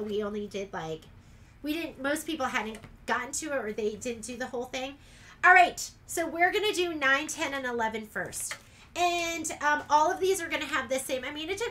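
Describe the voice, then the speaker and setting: A woman's voice: high voice, pushed and bright, slight background noise. A woman teaching a casual sew-along in her sewing room, chatty and rambling as she works. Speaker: sewing instructor.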